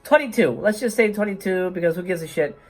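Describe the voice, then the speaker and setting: A woman's voice: on the low side, animated, fast talker, faint music behind. A woman hosting a movie review channel, delivering a profane, sarcastic rant in an emphatic, swearing manner. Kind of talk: profane ranting film review.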